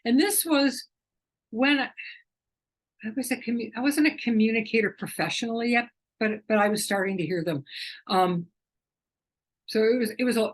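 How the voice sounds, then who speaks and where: A middle-aged woman with a soft, husky voice recounts a personal story in a gentle, meandering way. Her pitch sits in an ordinary middle range, and she speaks with warmth and some feeling. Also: rough recording. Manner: gentle, rambling, emotional storytelling. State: tearful at times. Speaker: animal communicator.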